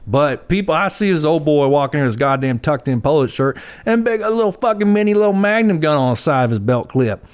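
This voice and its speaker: A man's voice: fairly high pitch, expressive, a little fast, few pauses, clear, resonant tone. A man from West Virginia with a West Virginia accent, a guest talking in a blunt, rambling, profane casual chat. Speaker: podcast guest. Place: Oklahoma City.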